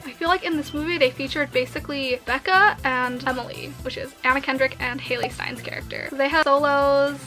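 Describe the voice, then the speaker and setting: A woman's voice: sits high, steady tone, brisk, hardly any pauses, bright, forceful tone, soft background music. A woman vlogger chatting casually about a movie, gushing and emotional, with lots of "like" and "so sad.".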